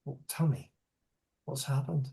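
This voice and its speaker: A game master voicing an older female elf druid who is bewildered and anxious, talking in halting, stammering restarts. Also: medium pitch, animated, a little mellow, natural voice. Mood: shaken. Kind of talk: tabletop role-play.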